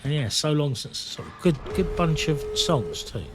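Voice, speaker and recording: A man's voice: a little high, very animated, moderate pace, very noisy. A man, chatting casually and candidly while streaming a game, rambling and swearing freely. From England. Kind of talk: casual chat while gaming.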